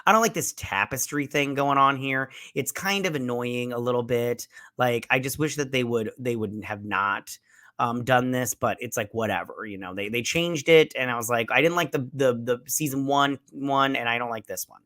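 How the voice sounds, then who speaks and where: A man's voice: medium pitch, normal speed, bright, forceful tone. A man hosting a show, giving a loose, profane, rambling recap of a TV episode with lots of fillers and restarts. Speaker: show host reviewing a TV episode. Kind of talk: casual rambling recap commentary.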